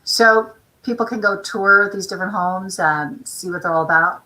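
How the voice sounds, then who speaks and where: A woman's voice: medium pitch, moderate pace, bright, forceful tone, rough recording. A woman hosting a talk show about senior care, speaking in a chatty, casual way with long run-on explanations. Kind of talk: casual interview chat.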